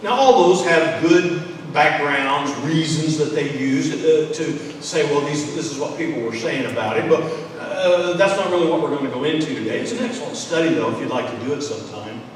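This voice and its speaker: A man's voice: on the high side, normal speed, hardly any pauses, a little hiss or hum. A man preaching a sermon in a conversational way, often restarting with fillers and repeated words. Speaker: pastor. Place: church sanctuary. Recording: echoey church hall, mic far off.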